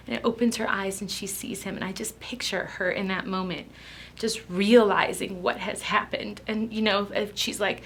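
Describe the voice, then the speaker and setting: A woman giving a devotional Bible reading and reflection, emotional and halting, close to tears and often dropping to a near whisper. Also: medium pitch, steady tone, fairly bright tone, breathy edge. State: tearful, close to crying. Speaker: devotional speaker.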